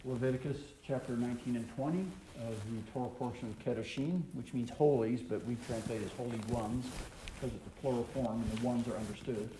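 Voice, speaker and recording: In an echoey room with faint background noise, a Southern Bible teacher works through a Torah portion. His mid-range voice is steady and brisk as he reads each verse aloud and explains it, often saying um and uh.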